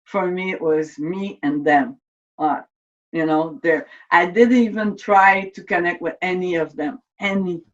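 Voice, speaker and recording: A woman's voice: fairly low pitch, a little slow. A French-native woman in her fifties giving an earnest, emotional personal testimony in an interview, often restarting and repeating words as she speaks. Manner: earnest, openly emotional recounting. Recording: distant, slightly dull mic sound.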